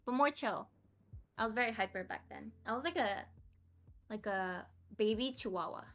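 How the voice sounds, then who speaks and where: A young American woman with a somewhat high, slightly bright voice talks at a moderate pace. She's a podcast guest casually chatting about her life, giggling often and poking fun at herself.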